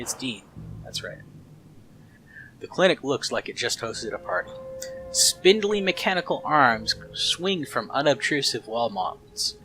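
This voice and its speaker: A man hosting a let's play, reading the game's text aloud in a plain, steady way. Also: mid-range voice, a little hiss or hum, poor audio.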